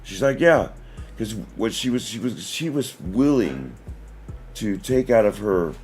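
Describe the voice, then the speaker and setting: Deep-voiced man rambling through a story. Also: sing-song, unhurried, darkish tone, faint music behind. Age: 40s. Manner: rambling storytelling with many restarts. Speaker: livestream host. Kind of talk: casual livestream chat.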